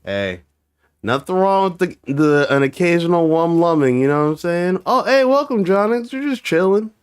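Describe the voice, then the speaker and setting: A man's voice: high-pitched, big pitch swings, moderate pace, clear, resonant tone. Young man rambling nonsense on stream. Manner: rambling, joking with made-up nonsense words. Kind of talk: casual livestream chat.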